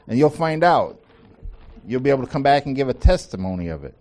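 A man's voice: mid-range voice, sing-song, fast, dark tone. Man leading a casual Bible study. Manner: conversational, repeats phrases for emphasis, asks the group questions. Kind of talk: informal Bible teaching to a small group.

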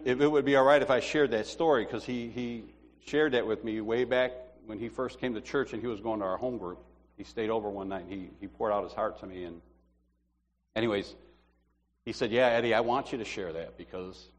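A middle-aged man giving an informal, chatty sermon as a church teacher, telling stories with animation. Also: medium pitch. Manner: chatty, animated storytelling with laughs. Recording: long hall reverb.

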